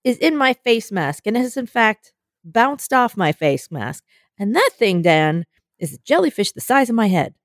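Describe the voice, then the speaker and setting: A young woman in casual conversation, telling a story with lively acted-out voices and the odd swear word. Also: mid-range voice, moderate pace, dry recording, studio quality. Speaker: co-host.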